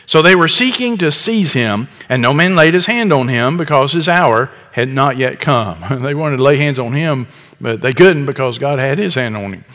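A man's voice: medium pitch, animated, normal speed, a bit bright. Man preaching in an echoing hall. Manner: conversational preaching with chuckles and restarts. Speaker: pastor. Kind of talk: expository sermon.

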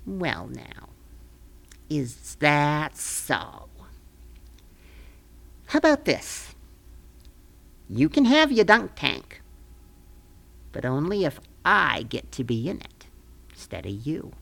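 Lady playing a bossy scolding country clerk, bright sharp gravelly voice, radio comedy. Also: sits low, big pitch swings, slow, long pauses, exaggerated voice. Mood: scheming. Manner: folksy, scolding, ungrammatical. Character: bossy, sharp-tongued small-town official woman. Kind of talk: comic radio play.

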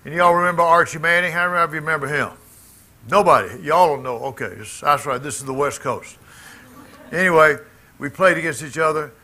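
A bit high and a bit quick, the voice is bright and forceful: a middle-aged pastor from Mississippi with a Southern accent, preaching to his church. His delivery is folksy and emphatic, peppered with comments to those gathered.

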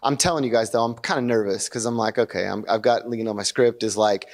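Chatty storytelling pastor, a man. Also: fast talker. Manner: animated, chatty, acts out quotes with rising pitch. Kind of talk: conversational sermon storytelling. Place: church service.

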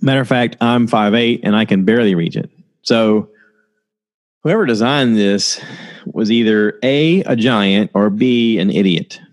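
A man's voice: fairly low pitch, unhurried. Rambling, laughing man podcast host. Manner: rambling storytelling, laughs often. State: tired, low on energy. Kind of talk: casual solo podcast chat.

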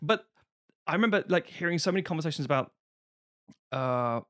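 A man co-hosting a podcast in casual chat, animated and swearing casually as he acts out quoted voices. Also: a little high, brisk. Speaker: podcast co-host.

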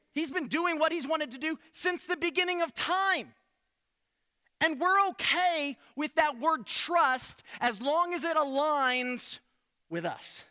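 Male pastor, animated preacher, very high and bright, long church-hall reverb. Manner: animated, rhetorical questions, frequent restarts. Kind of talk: sermon. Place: church sanctuary.

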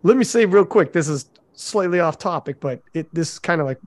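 A man telling profane, animated stories as a podcast co-host in casual chat. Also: fairly high pitch, brisk, no echo.

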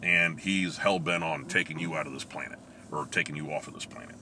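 A middle-aged man telling a story in a casual, animated way, laughing often and acting out what people said. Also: rumbling low, fairly quick, background noise. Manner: animated, laughs often, acts out quoted lines. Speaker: storyteller recalling police academy training.

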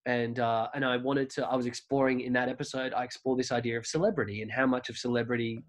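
Australian male guest, casual rambling storyteller, everyday mid-pitch voice. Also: steady tone, quick pace. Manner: rambling, many restarts and fillers. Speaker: podcast guest.

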